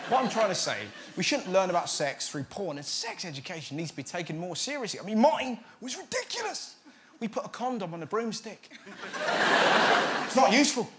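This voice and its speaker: A man's voice: sits high, sing-song, a little fast. A man doing a stand-up monologue as host, mocking and slipping into silly voices. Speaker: comedian host. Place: studio with live audience. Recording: loud crowd and noise. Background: audience laughter.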